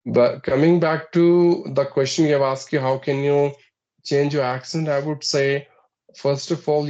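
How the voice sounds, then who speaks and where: A man with an Indian English accent gives measured, step-by-step advice in an English practice conversation. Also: mid-range voice, a little mellow, dull audio. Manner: measured, advisory, counts points off one by one.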